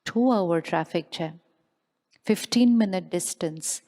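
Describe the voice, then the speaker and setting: A woman with a low-ish, mellow voice speaks slowly in a motivational stage talk to a live audience. A spiritual speaker, she keeps quizzing the crowd with questions and repeating the same line.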